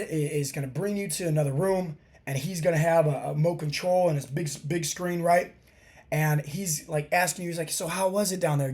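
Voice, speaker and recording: Man, 30s, podcast host and fat loss coach with a slightly high, hoarse, scratchy voice, emphatic and preachy. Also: a little mellow. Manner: emphatic, preachy, repeats phrases. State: hoarse, sore throat. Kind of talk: motivational monologue.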